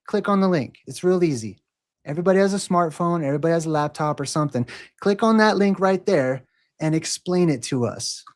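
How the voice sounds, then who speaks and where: A man's voice: fairly high pitch, animated, fairly quick. A man hosting a livestream, talking casually and mockingly challenging a troll in the chat. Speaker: livestream host.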